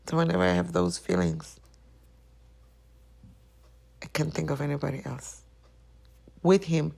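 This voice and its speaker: A woman with a strongly gravelly, creaky voice speaks openly and with feeling as she hosts her own podcast. Her delivery is a personal confessional monologue, and she acts out bits of old arguments as she goes. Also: sits low, a little mellow. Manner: emotional, candid, quoting past arguments. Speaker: podcast host.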